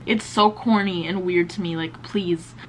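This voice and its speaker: Over a noisy background, a woman in her twenties with a fairly low, steady, unhurried voice chats while doing her makeup as a beauty vlogger. She's chatty and slangy, dropping "like" and "bro" a lot.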